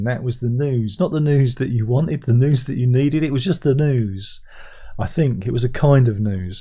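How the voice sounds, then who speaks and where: Sardonic, rambling man with dark tone. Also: medium pitch. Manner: rambling, sardonic, frequent restarts. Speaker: livestream host. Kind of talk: casual livestream chat.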